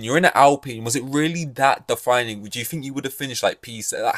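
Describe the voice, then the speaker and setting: A man's voice: mid-range voice, dry recording, studio quality. A young man hosting a podcast, ranting casually and sarcastically, swearing freely. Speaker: podcast host. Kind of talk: casual solo podcast commentary.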